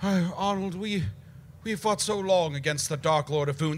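A man's voice: high voice, pushed and bright, heavily acted. A man playing a pompous, rambling aging wizard in improvised comedy, proclaiming grand titles and trailing off wearily. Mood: weary. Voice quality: gravelly, boastful.

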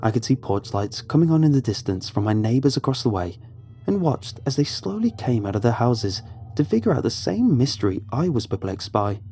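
Man, horror story narrator, mellow tone, expressive pitch, faint music behind. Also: a little fast.

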